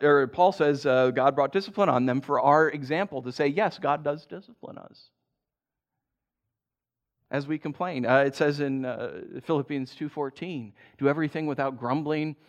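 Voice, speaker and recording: A man preaching a sermon in a conversational way, with quick asides and laughter. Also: a little high. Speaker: pastor.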